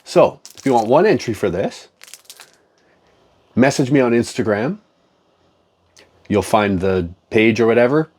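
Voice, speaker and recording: A man's voice: mid-range voice, lively intonation, unhurried, long pauses, darkish tone, breathy edge. A man in a profane, joking, rambling casual chat, talking as a comic collector.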